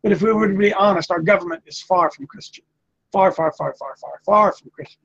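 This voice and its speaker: A man's voice: sits high, brisk, gravelly, fairly bright tone, breathy edge, muffled recording. Folksy older man preaching a sermon. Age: 60s. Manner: folksy, repetitive, emphatic.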